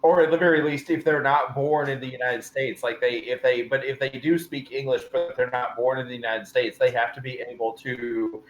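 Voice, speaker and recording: A man from the Southern US with a light Southern accent, chatting in a relaxed, rambling way. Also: medium pitch, moderate pace, hardly any pauses, soft background music. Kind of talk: casual livestream chat. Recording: roomy echo.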